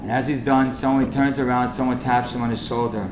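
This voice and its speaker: A rabbi telling a story and then pleading passionately with the room at a fundraising event. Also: male voice, mid-range voice, steady tone, brisk. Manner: impassioned, rising to urgent pleading. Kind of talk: storytelling speech and charity appeal. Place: event hall. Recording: echoey hall with faint noise.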